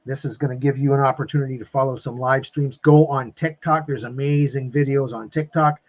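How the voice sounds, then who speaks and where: Male live-stream coach, effusive and repetitive, average pitch, slightly dull streaming audio. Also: steady tone, brisk. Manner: emphatic, repeats phrases, calls viewers "my friends"; openly emotional and effusive. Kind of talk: live-stream talk to viewers.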